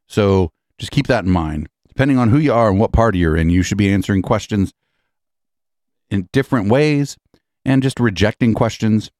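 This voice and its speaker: A man's voice: lowish voice, darkish tone, no room sound, clean studio sound. A man hosting a podcast, mocking and profane, reacting incredulously to political clips. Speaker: podcast host. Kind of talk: sarcastic political commentary on clips.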